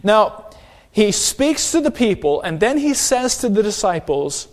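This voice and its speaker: A man's voice: high-pitched, very animated, a little slow. A male pastor preaching an emphatic sermon and calling out for an amen.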